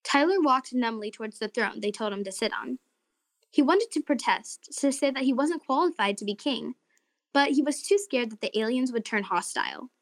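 A woman narrating a children's story and hosting a short segment, in an expressive, friendly way. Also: fairly high pitch, normal speed, dry recording.

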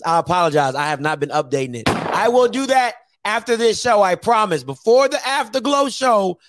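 High-voiced man ranting on his talk show. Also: animated, moderate pace, few pauses, no echo. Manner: slangy, emphatic, repeats phrases for effect. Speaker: host of a sports talk show. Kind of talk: casual sports commentary rant.

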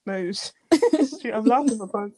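A young woman telling lively stories in a casual chat, laughing easily. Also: mid-range voice, no echo. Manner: animated storyteller, quick to laugh.

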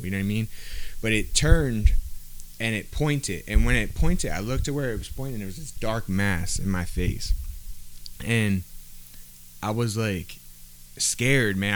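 Low-voiced man telling a personal story. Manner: casual street slang, many fillers like "bro" and "like". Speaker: podcast guest.

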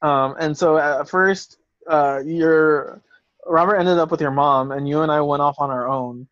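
A man co-hosting a podcast, telling a story in a relaxed, laughing way and swearing freely. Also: a little high, a little slow, no echo, muffled recording. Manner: laid-back, swears freely, laughs often. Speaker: podcast co-host. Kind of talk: casual storytelling chat.

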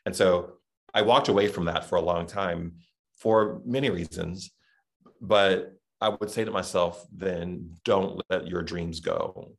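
A middle-aged Southern man chats as a podcast guest, thinking aloud and circling back on his words. His voice sits very low and carries a gravelly rasp. He talks in a casual, reflective way. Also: measured pace. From Texas, USA. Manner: reflective, rambling with many restarts and fillers. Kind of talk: casual interview chat.

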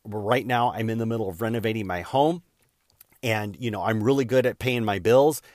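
A man's voice: on the low side, moderate pace, darkish tone, dry recording, clean studio sound. A man hosting a show, telling a casual story in a rambling, self-deprecating way with lots of fillers. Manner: rambling, frequent fillers and "da, da, da" asides.

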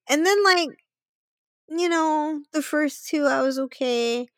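A woman's voice: high voice, takes it slowly, long pauses, no room sound. A woman co-hosting a podcast in casual chat, swearing freely and laughing as she talks. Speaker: podcast co-host.

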